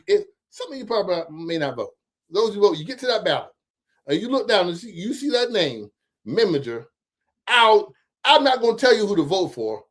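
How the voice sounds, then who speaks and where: A man hosting casual political commentary, talking straight to his viewers in an animated, profane, chatty way. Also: a little high. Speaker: host of a local commentary stream.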